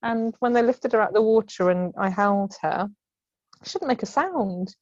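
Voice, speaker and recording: A woman's voice: mid-range voice, normal speed, a little mellow, no echo. A woman in her thirties, a podcast guest at home on a remote call, telling her story in a chatty way, often laughing and acting out what others said. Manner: chatty, laughs often, acts out quoted voices. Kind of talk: casual storytelling. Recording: slightly muffled call audio.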